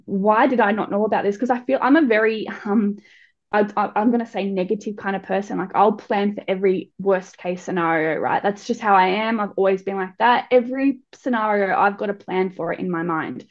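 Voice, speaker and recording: A woman's voice: medium pitch, a little fast. A young adult woman frankly telling a personal story as an interview guest, often restarting her sentences. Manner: candid and frank, with frequent restarts. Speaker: guest speaker. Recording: dull lo-fi recording.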